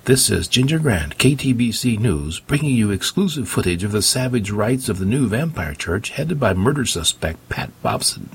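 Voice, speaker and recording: A cold, ambitious woman reporter, as voiced by a male audiobook narrator who delivers hushed broadcast lines. The voice sits a little higher than his own husky voice. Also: very animated, moderate pace, hardly any pauses, exaggerated voice. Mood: newsy. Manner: hushed, crisp on-air delivery. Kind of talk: audiobook character voice.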